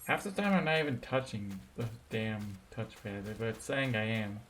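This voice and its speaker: A man's voice: fairly low pitch, animated, moderate pace, fairly bright tone, a little hiss or hum. A man streaming a game playthrough, muttering casual asides and reading the on-screen text aloud. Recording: game music behind.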